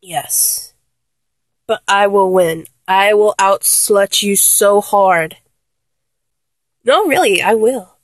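A woman's voice: mid-range voice, takes it slowly, pauses often, no room sound. A young woman performing a playful one-sided phone role-play, teasing and giggling as she talks to an unheard listener.

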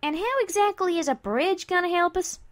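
A woman's voice: extremely high pitch, lively intonation, moderate pace, voice pushed up. A woman voicing a plain-spoken country filly pony with a folksy manner in a storybook reading. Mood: puzzled.

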